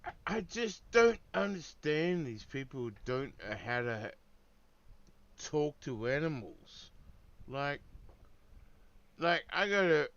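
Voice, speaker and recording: Aussie gamer guy rambling slow, gravelly but smooth voice, swears a lot, bit muffled mic. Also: a little high, very animated, fairly bright tone, no room sound. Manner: meandering storytelling with many fillers; swearing, laid-back. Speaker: game streamer. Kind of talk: rambling casual chat while gaming.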